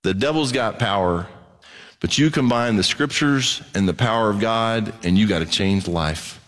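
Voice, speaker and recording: A man's voice: fairly low pitch, moderate pace. Man preaching in a reverberant hall. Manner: conversational preaching, swings from quiet asides to excited emphasis. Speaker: pastor. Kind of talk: sermon.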